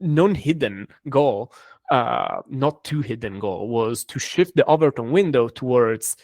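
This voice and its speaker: A man speaking as a guest in an interview, answering thoughtfully with frequent pauses and restarts. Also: medium pitch, animated, a little mellow, dry recording. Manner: thoughtful, hesitant with many fillers and restarts. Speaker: cryptography engineer and guest.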